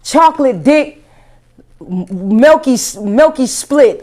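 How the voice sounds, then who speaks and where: A woman comedian doing a profane stand-up rant, animated and incredulous. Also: fairly high pitch, measured pace.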